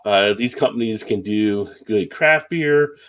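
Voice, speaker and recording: A man's voice: fairly low pitch, measured pace, a bit bright. A man hosting a casual beer live stream, reading viewer comments aloud and laughing often. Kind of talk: casual chat.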